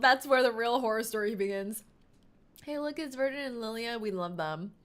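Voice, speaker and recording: A woman's voice: a little high, moderate pace, smooth. A young woman streaming a story game, reading its text aloud and reacting playfully with frequent laughs and gasps. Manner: excitable and playful, laughs often, gasps and jokes between read lines.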